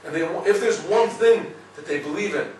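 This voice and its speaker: A man giving a lively Torah class, telling stories and checking with listeners as he goes. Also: high voice, fairly quick, very echoey, distant mic, noisy background. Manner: storytelling, lively, asks listeners "right?". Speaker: rabbi teaching a class.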